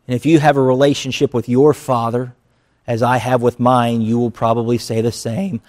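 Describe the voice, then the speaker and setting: A male pastor delivering a conversational sermon, mixing earnest teaching with quick acted asides. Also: medium pitch, level tone, darkish tone.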